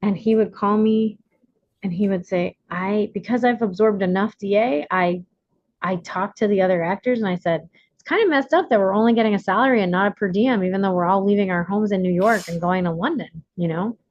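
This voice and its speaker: A woman's voice: medium pitch, a little fast, no room sound, muffled recording. A woman hosting an online workshop in casual talk, acting out the lines she quotes. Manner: animated, acts out quoted lines in bright voices. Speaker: workshop host and coach.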